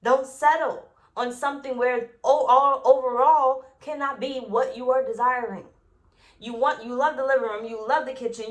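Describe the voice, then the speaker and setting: A woman's voice: sits high, fairly bright tone. A woman giving a tarot reading, blunt and profane, who drives her points home by repeating them. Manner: acts out quoted voices. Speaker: tarot reader.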